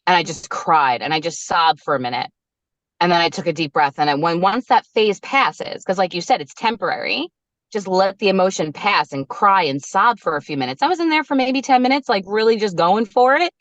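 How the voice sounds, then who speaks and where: A woman in her thirties tells a personal story in a candid, conversational way. Her pitch climbs high when she acts out what she and others said. The audio is dry and a little dull. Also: brisk, no echo. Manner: animated, acts out her own quoted lines. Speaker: podcast guest, resilience coach.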